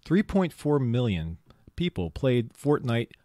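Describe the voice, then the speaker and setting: A man co-hosts a pediatrics talk show and reads out facts and figures. His pitch moves a lot as he stresses points. The sound is dry and close. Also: sing-song, takes it slowly, mellow, no echo. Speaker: podcast co-host, pediatrician. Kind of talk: casual health talk.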